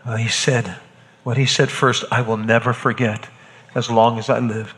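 A man's voice: medium pitch, flat delivery, a bit bright, in a large hall, natural voice. A man playing a shaken Roman centurion. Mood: grave, shaken. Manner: halting, stammers and repeats words. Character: shaken Roman centurion, hardened male executioner.

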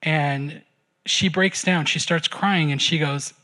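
A man's voice: a little high, fairly even intonation, slow, pushed and bright. A man preaching a sermon and leading a closing prayer in a church, earnest and conversational, often repeating words as he starts a phrase. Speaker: pastor.

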